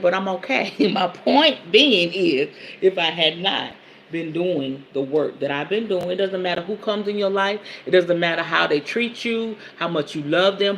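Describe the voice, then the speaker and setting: Laughing, candid woman with a gravelly voice. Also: lowish voice, a little hiss or hum. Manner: candid, laughing, talks straight to listeners as y'all. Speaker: podcast host and women's counselor. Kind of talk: casual storytelling monologue.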